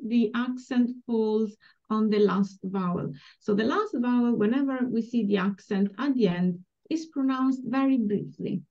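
A woman teaching a language class over a video call, slowly and patiently modeling words for students to repeat. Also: on the high side, warm tone. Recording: dull lo-fi call audio.

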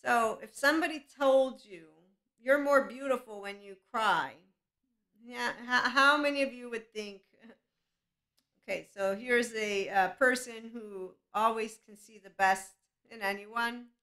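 A woman's voice: a little high, measured pace, bright, forceful tone. A woman hosting a podcast, talking casually to her listeners in a chatty, rambling way that breaks into laughter. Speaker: podcast host. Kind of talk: casual solo talk.

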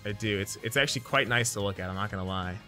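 A man streaming a card game, chatting casually, laughing often and counting out loud as he plays. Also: on the low side, quick pace, soft background music. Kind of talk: casual gameplay chat.

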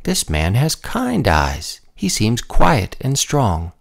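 A man's voice: mid-range voice, wildly swooping pitch, takes it slowly, gravelly, exaggerated voice. A kind young princess, as a man puts her on. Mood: earnest.

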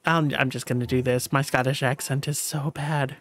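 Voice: medium pitch, steady tone, normal speed, a bit bright. A streamer chatting casually through a game livestream, laughing often and swearing freely.

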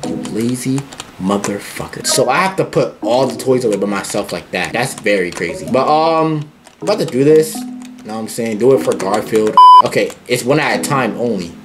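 A man giving loud, profane commentary on a horror game, yelping at scares and talking back to the characters. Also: mid-range voice, moderate pace, music in the background. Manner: excitable, profane, yelps at jump scares. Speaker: gaming YouTuber.

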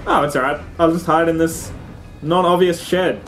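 A young man giving animated, swear-filled let's-play commentary, often squealing and shouting at the game. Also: a little high, normal speed, faint music behind. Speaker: gaming let's-play host.

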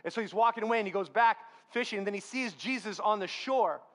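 High-voiced man preaching a sermon. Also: fast talker. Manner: animated storytelling, acting out Bible dialogue. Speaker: pastor. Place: church.

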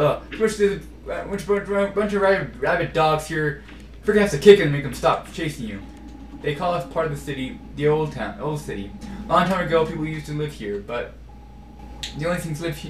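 Male let's-player, slightly high voice, rambling and self-correcting; roomy distant mic, game music behind. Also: fairly bright tone, a little hiss or hum. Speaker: let's play commentator. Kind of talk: casual gameplay commentary.

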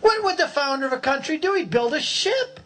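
A man in his sixties telling his conversion story as a humorous, animated parable, acting out voices and shouting in places. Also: extremely high pitch, brisk. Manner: preacherly, builds a long parable.

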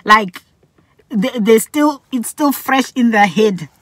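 A middle-aged woman from Botswana tells a personal story straight to camera in a casual vlog. Her voice sits a little high, and she is animated, slipping into the voices of the people she quotes. The sound is dry and close, with no room echo. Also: slow pace. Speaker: vlogger.

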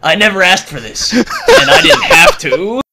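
A man co-hosting a casual game commentary show, spinning out a silly joke in an animated, laughing way. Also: high-pitched, moderate pace.

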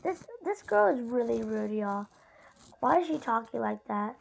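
A woman's voice: fairly high pitch, animated, unhurried, gravelly, a little hiss or hum, low-quality recording. A female YouTuber chatting casually to viewers while narrating her gameplay in a rambling way. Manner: chatty and rambling, often addresses viewers directly. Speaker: gaming YouTuber.

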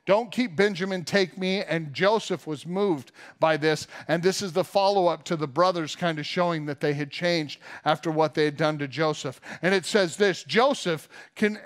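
A man in his forties, a pastor giving a sermon in a casual, storytelling way, with fillers and asides. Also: on the high side. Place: church.

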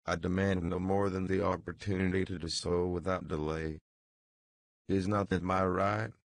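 A man voicing an earnest pleading gentleman prisoner. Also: sits low, steady tone, normal speed, dry recording. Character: anxious male prisoner, a gentleman in his thirties.

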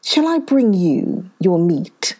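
A woman voicing a crafty male hare who coaxes the others along, speaking slowly and slyly in a storybook tale. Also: on the low side, very animated, darkish tone, exaggerated voice. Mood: coaxing. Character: crafty scheming male hare, smooth talker.

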